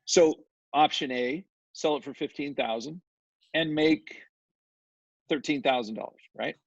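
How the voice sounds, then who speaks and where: A male real estate developer, the guest on an interview, telling a story in a chatty, animated way and often checking in with "right?" The recording is dull and lo-fi. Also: on the high side, measured pace, creaky, no echo.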